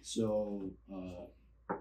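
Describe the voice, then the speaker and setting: A man's voice: low voice, flat delivery, very slow, a crowd in the background. A man co-hosting a podcast in casual chat, playful and teasing. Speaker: podcast co-host. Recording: echoey room, mic a bit distant, faint noise.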